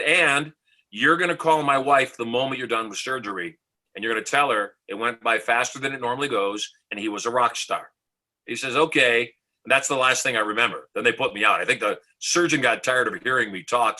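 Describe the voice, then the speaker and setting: A man's voice: mid-range voice, bright, forceful tone, low-quality recording. A middle-aged man from the United States, a motivational speaker, telling a story confidently as a podcast guest and acting out the dialogue. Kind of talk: storytelling in an interview.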